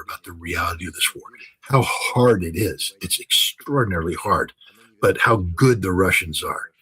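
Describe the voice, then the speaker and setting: Older man, interview guest, husky low voice, emphatic, repetitive. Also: fairly bright tone, rough recording. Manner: emphatic, repeats phrases for stress, fillers and restarts. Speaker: interview guest, military commentator. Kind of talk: unscripted interview talk.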